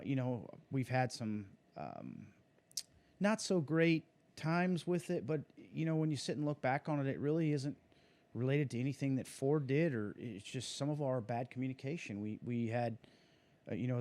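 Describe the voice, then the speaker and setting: A man's voice: mid-range voice, dark tone. A man talking casually as an interview guest, a racing driver who rambles with many fillers and restarts. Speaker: guest, sprint car driver.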